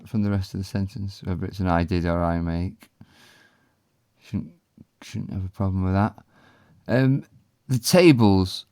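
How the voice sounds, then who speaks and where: A man teaching a language in a relaxed, explanatory way, pausing often with ums. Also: fairly low pitch, clear, resonant tone, dry recording, studio quality. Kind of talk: casual spoken lesson.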